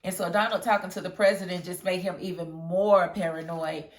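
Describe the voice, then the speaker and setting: A woman casually reviewing a TV episode, chatty and animated, often breaking into laughter as she retells scenes. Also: on the low side, fairly quick, distant mic. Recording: roomy echo.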